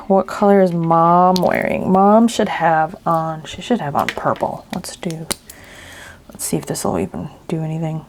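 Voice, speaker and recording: Her voice is fairly low and creaky, with slight background noise in the clip. She's a woman hosting a craft video, chatting informally and musing aloud while she works, often half-whispering and muttering to herself.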